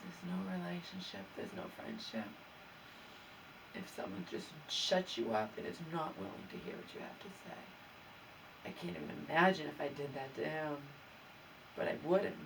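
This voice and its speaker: A woman's voice: fairly low pitch, moderate pace, gravelly, distant mic, background noise. A woman vlogger venting her grievances in an aggrieved, exasperated way, stammering and restarting as she talks. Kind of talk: venting personal vlog.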